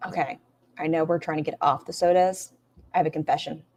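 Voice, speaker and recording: Sarcastic, low-voiced woman streamer. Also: steady tone, a little fast, a little mellow, a little hiss or hum. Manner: sarcastic, swears freely, talks to chat. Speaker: reaction streamer. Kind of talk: casual live-stream commentary.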